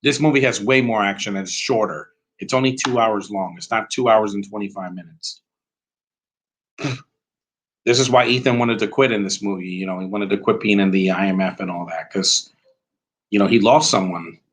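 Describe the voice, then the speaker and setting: A man's voice: on the low side, normal speed, fairly bright tone, poor audio. A man giving a rambling, blunt, opinionated live commentary while watching a movie at home.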